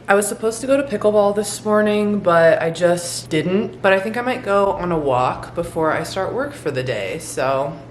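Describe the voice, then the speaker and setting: A woman from Colorado talking casually to camera in a vlog, relaxed and chatty, with easy slang and filler words. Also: on the low side, normal speed, hardly any pauses, slight background noise. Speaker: vlogger. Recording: background music under the voice.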